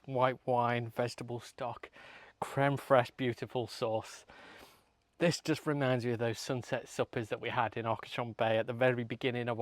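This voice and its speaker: A man presenting a recipe outdoors at a motorhome, relaxed and savoring, talking the viewer through each step of a cooking demonstration. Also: mid-range voice. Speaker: camper cook presenting a recipe.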